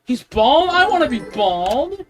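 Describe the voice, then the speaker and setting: A man's voice: very high-pitched, very animated, slow pace, pitched above the performer's own voice, exaggerated voice. A man putting on a mocking voice of a fawning young man who gushes breathlessly over his bald boss. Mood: starstruck. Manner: gushing, breathless, starstruck. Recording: game stream with music playing behind. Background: clear background music.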